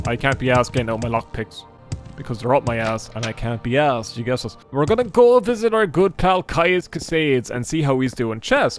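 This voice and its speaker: A man of middling pitch talks his way through a game in loose, casual commentary. He cracks jokes, swears freely and chats to the characters as if they could hear him. Faint game music plays underneath. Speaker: gaming YouTuber. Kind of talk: casual Let's Play commentary.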